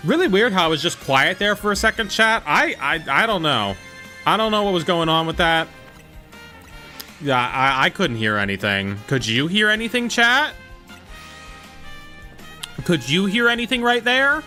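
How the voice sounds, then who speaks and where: Bright-voiced joking streamer man. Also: high voice, sing-song, moderate pace, long pauses, soft background music. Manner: joking, rambling, slips into whispers. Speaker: game streamer. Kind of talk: casual live-stream chat.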